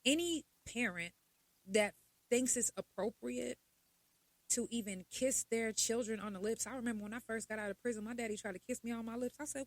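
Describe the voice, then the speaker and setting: Woman podcast host, young adult, blunt and profane, animated, fairly high pitch. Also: brisk, dry recording. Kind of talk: casual monologue.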